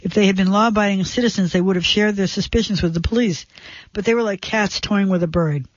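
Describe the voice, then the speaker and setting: Male narrator, higher register, tense measured read for suspense fiction, dry muffled studio sound. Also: no room sound. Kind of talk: scripted narration of a suspense story.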